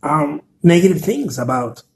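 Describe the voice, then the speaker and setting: Slightly high with big swings in pitch, this artist's creaky voice moves a little slowly over slight background noise. Hosting a casual live stream, he's chatty, sincere, and supportive, echoing viewer comments as he reads them aloud.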